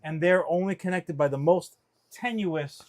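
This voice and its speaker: Animated, swearing man with a high voice. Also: normal speed. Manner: animated, profane, rambling with frequent fillers. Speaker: podcast co-host. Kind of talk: casual pop-culture chat.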